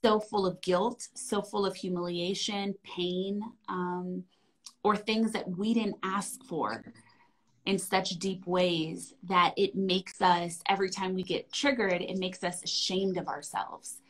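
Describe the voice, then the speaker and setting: Gentle, affirming woman speaking softly. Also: lowish voice, steady tone, slow pace, poor audio. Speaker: wellness guest. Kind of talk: heartfelt conversation.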